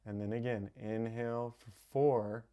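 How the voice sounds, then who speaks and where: A man guiding a live breathwork meditation, calmly giving instructions and softly counting the breaths. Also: medium pitch, clean tone. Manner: slow, calm, counting softly. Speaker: meditation teacher. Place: home streaming setup.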